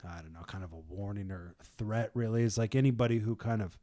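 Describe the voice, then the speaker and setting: A man's voice: fairly low pitch, fast talker, mellow. A man leading a casual group discussion, retelling a story in a chatty way with slang and laughter.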